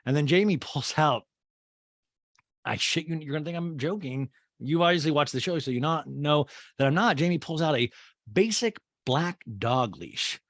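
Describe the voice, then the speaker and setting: A man's voice: a little high, lively intonation, moderate pace, a bit bright, no echo, clean studio sound. A man hosting a podcast, recapping a show in a chatty, profane, incredulous way. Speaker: podcast host. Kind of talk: casual comedic recap.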